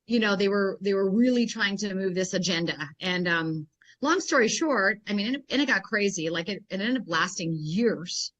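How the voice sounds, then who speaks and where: Woman guest, health professional, animated storyteller, mid-pitched, leans on fillers. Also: normal speed, lo-fi sound. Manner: rambling, animated, many "I mean" and "like" fillers. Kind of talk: casual interview storytelling.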